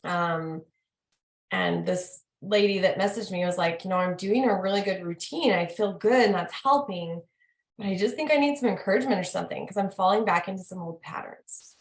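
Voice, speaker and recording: A woman hosting a casual talk, chatting in an animated way and quizzing herself with repeated questions. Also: medium pitch, moderate pace. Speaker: host. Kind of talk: casual chat. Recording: roomy echo.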